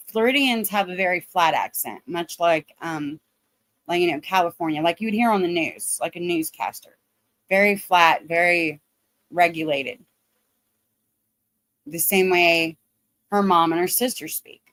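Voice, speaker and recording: A woman's voice: on the low side, unhurried, fairly bright tone, no echo. A woman with a Southern Ohio accent ranting bluntly and profanely as she comments on a livestream. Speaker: drama commentary streamer.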